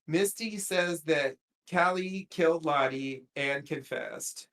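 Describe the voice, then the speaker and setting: Slow, rambling podcast host. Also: mid-range voice, a bit bright. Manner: rambling, many fillers and trailing asides. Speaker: podcast co-host recapping a TV episode. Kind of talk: casual recap chat.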